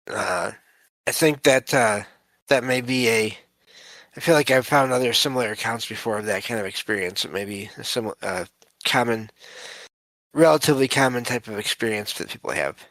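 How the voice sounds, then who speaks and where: A man's voice: mid-range voice, fairly bright tone, no room sound, poor audio. A man hosting a paranormal podcast, reading listener stories and musing on them with frequent fillers and restarts. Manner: hesitant, many fillers and restarts. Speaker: podcast host.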